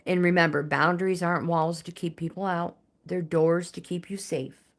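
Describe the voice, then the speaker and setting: Woman, lowish voice, chatty live-stream tarot reader who talks to her viewers. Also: little pitch movement, normal speed. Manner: chatty, talks to viewers by name, reads card meanings. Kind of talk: casual live-stream card reading.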